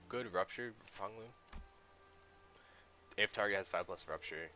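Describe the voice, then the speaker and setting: A man with a low voice plays through a story game. His tone is bright and forceful. He reads the characters' dialogue aloud in their voices and reacts with quick exclamations. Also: expressive. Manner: voices the game's characters while reading dialogue. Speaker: let's player.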